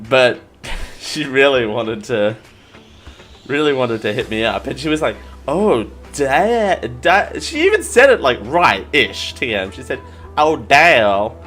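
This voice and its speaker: A man's voice: medium pitch, very animated, moderate pace, fairly bright tone, soft background music. A man with an Australian accent, hosting a podcast and chatting casually, rambling and poking fun at himself with lots of restarts. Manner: rambling, self-mocking, many restarts. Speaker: podcast host. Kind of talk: casual live-show chat.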